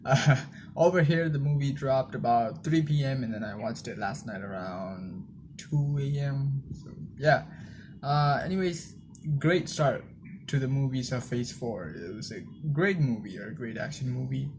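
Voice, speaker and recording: A man's voice: mid-range voice, animated, measured pace, background noise. A young man giving a casual spoken film review, rambling loosely with lots of fillers and restarts. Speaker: movie reviewer.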